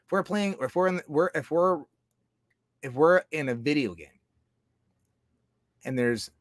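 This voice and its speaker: A man's voice: unhurried, dry recording. Swearing man rambling, dry close sound. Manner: profane, rambling, emphatic; swings between loud outbursts and low mutters. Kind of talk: casual monologue.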